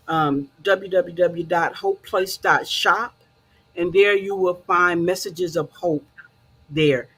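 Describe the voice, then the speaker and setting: A woman's voice: fairly low pitch, slightly rough. A woman hosting a casual talk show, encouraging and conversational, with frequent fillers.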